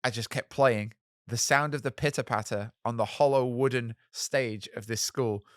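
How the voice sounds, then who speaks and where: Interview guest: man, animated and candid, dry close-miked voice. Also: mid-range voice, moderate pace, no room sound. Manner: candid, self-mocking, animated storytelling with many fillers. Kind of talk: storytelling in a podcast interview.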